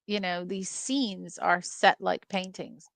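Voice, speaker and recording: A woman's voice: on the low side, fairly even intonation, slow pace, creaky, a bit bright, no room sound. A woman co-hosting a casual film review, telling anecdotes and dropping in character voices.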